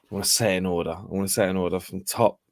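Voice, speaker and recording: A man who is a guest on a casual football podcast and talks hesitantly, thinking aloud with many pauses. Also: low voice, steady tone, no room sound.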